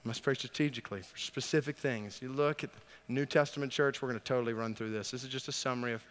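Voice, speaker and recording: A male pastor preaching a sermon, emphatic, asking rhetorical questions and building to loud exhortation. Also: medium pitch, fairly even intonation, fast talker. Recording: long reverb of a large hall.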